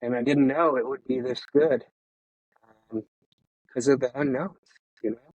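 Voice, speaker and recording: A man in his fifties, formerly a firefighter, is interviewed over a video call, speaking with candor and feeling while stopping and restarting often. His mid-range voice sounds darkish with fairly even intonation, and the audio is muffled.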